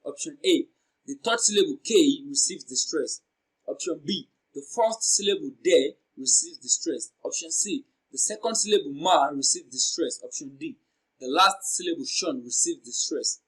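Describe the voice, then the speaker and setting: A man from Nigeria teaching an exam prep lesson, reading out options and slowly repeating words to show their sounds and stress. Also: a little high, a bit bright, poor audio. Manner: slow, deliberate, repeats words for pronunciation drills.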